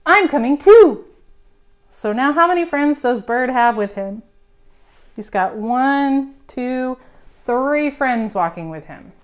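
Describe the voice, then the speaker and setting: A woman reading a picture book aloud at a preschool storytime, gently coaxing the children with questions. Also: sits high, animated, takes it slowly. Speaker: children's librarian.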